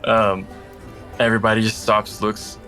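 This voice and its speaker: A man's voice: on the low side, little pitch movement, measured pace, bright, forceful tone, faint music behind. A man narrating as game master of a tabletop game, in loose, chatty talk with many fillers.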